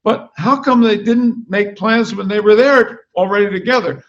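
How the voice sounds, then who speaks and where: A man reading aloud as a wry male dog who narrates his comic observations in a deadpan way. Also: sits high, normal speed, dull audio, voice pushed up.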